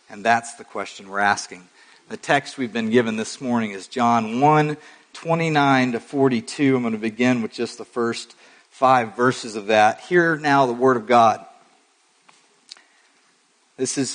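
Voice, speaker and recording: A male pastor preaching a sermon, emphatic, with dramatic pauses, rising swells and folksy asides. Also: mid-range voice.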